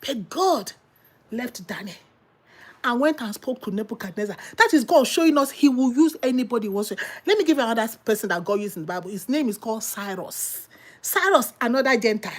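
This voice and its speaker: A woman's voice: fairly high pitch, fairly quick. A woman preaching an impassioned sermon, full of exclamations and rhetorical questions. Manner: animated, exclamatory, rhetorical questions and sudden laughs.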